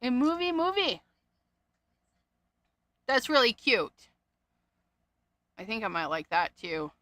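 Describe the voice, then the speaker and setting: A woman's voice: high voice, sharp tone, no room sound. A woman hosting a casual crafting livestream, chatting and giggling as she sorts through her stamps. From Canada. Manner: chatty, giggly, thinks aloud.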